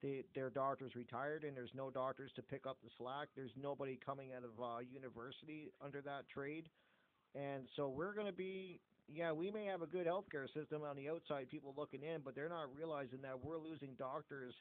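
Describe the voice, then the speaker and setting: A man's voice: mid-range voice, a little fast, no room sound. A middle-aged Canadian man hosting a podcast in blunt, casual chat full of swearing. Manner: blunt, heavy swearing, animated. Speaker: podcast host. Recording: phone-like narrow audio.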